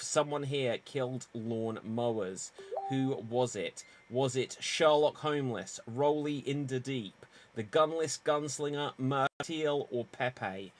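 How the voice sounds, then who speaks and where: A man hosting a live improv murder-mystery game, announcing rounds and calling votes in a theatrical manner. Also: mid-range voice. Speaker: improv show host.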